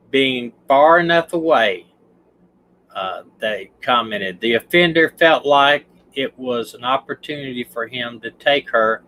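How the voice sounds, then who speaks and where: A man's voice: mid-range voice, a bit bright, slight background noise, low-quality recording. A man with a Southern US accent, a retired detective hosting a livestream, talking through a case casually and restarting his sentences. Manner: rambling, restarts sentences, stumbles over words.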